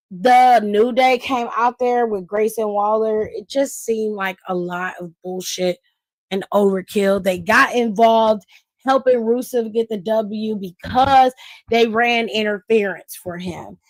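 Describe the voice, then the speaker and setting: A woman's voice: fairly high pitch, slow, no echo, rough recording. Sassy, profane woman, close and dry. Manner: sassy and profane, with frequent laughs. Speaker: wrestling aftershow host. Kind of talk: casual livestream recap.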